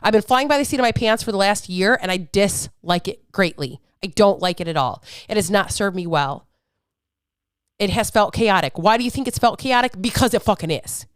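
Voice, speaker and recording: A woman in her thirties, a fitness coach and podcast host, delivers an unfiltered podcast rant in a mid-range, clean voice. She's blunt, profane, fired-up and preachy, and the sound is dry and close with no echo.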